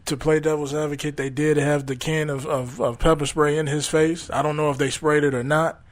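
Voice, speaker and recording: A man's voice: on the high side, flat delivery, fairly quick. Blunt man on a casual podcast. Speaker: podcast co-host. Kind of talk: casual chat.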